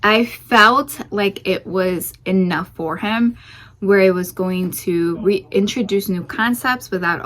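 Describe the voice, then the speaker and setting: A young woman who hosts a homeschooling channel, chatting casually through a curriculum review with lots of fillers and restarts, a little out of breath. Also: medium pitch. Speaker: homeschooling mom channel host.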